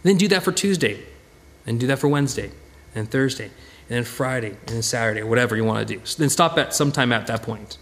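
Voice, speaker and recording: A man preaching a conversational sermon as pastor, chatty and animated, often restarting and repeating words. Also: medium pitch, quick pace.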